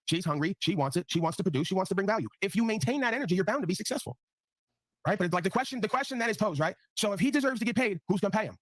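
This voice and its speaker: A man hosting a live online panel rants casually in a high, expressive voice at a very fast pace, with no room sound. He's blunt and profane, repeatedly tagging his points with "right?".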